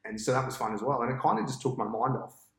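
A cricket captain telling a long match story on a podcast, in a casual, animated way and with an Australian accent. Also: male voice, mid-range voice, fast, reverberant, low-quality recording. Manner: animated storyteller, acts out his own past thoughts.

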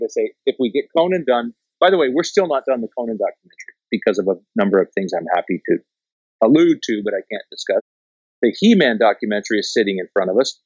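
A man's voice: fairly low pitch, no room sound, highs cut off. A man from Canada, a documentary filmmaker, tells stories casually, swears freely and acts out what people said. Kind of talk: casual storytelling in conversation.

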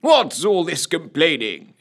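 A blustering, jolly army captain with a grand moustache, put on by a man reading a story aloud. He is pompous and hearty, and his voice is pushed up and boomingly cheerful. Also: very animated, takes it slowly, gravelly, exaggerated voice. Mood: jovial. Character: jovial blustering mustachioed male army captain.

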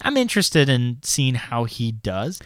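A man's voice: medium pitch, sing-song, unhurried, no room sound, studio quality. A man co-hosting a podcast, chatting casually and jokily about a movie trailer and laughing often. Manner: loose and jokey, laughs often, lots of "like". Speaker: podcast co-host.

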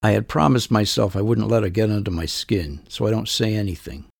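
Gravelly man telling his story, dry and close. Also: lowish voice, dry recording. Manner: measured, understated, wry. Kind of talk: scripted first-person narration.

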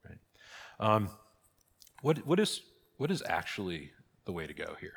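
Middle-aged male pastor, low voice, chatty teaching style, big reverberant church hall. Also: very animated, unhurried, gravelly, a little hiss or hum. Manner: conversational, frequent "okay?" and "right?" check-ins. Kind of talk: catechesis teaching. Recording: long reverb of a large hall.

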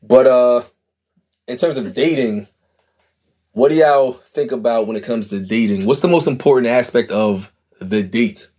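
A man's voice: mid-range voice, measured pace, mellow. A man hosting a casual podcast chat, talking in a loose, rambling way and laughing often. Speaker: podcast host.

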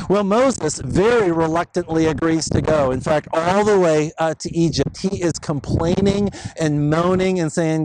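Preacher guy, high voice, chatty storytelling, hissy recording. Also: normal speed. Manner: conversational, with fillers and asides. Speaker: pastor. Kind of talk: sermon, casual storytelling.

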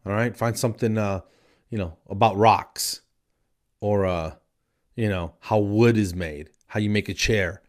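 Low-ish male comic host, worn out, exasperated, rambly. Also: steady tone, a little slow. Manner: rambling, exasperated, repeats himself. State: tired late at night. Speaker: podcast host and comedian. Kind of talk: casual stand-up style monologue.

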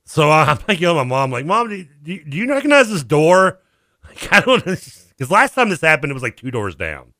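A man's voice: fairly high pitch, sing-song, a little fast, pushed and bright, no echo, studio quality. A man co-hosting a radio sports talk show, telling a long funny story in casual chat, acting out the voices he quotes and laughing often. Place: radio studio. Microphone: studio microphone.

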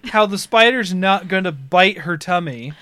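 A man in his thirties, chatting casually and telling a story with animated delivery, often laughing as he talks. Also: sits high, moderate pace, no echo. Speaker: podcast co-host, parent.

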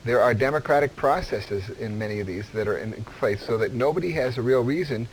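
A man's voice: mid-range voice, slight background noise, poor audio. Probing male radio interviewer. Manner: probing, halting questions.

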